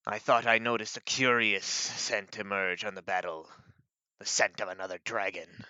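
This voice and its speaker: A man voicing a deep, grumbling dragon. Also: steady tone, moderate pace, bright, forceful tone, smooth, no room sound. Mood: menacing. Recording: dull lo-fi mic.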